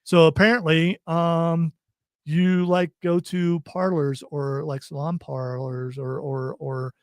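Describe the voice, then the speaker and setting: A man's voice: a little high, little pitch movement, takes it slowly, no echo, studio quality. A man hosting a radio show, casually joking and reading listener texts. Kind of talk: casual on-air banter.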